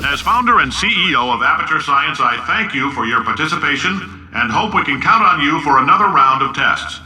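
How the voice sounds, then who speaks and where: A blustering company boss, all bluster and sales pitch with a sardonic edge, his voice bright and forceful. It sounds like a recorded announcement heard from a distance in a roomy, echoing space, with a faint hum underneath. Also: lively intonation, fairly quick. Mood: boastful. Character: brash boastful male company CEO, middle-aged. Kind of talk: video game voice acting.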